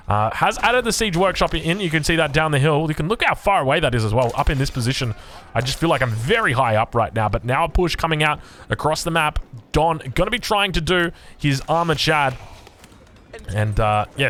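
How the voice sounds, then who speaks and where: Fast-talking Australian esports caster. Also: male voice, on the high side, fairly bright tone. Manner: chatty, jokey asides, frequent uh fillers and restarts. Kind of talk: solo play-by-play game commentary.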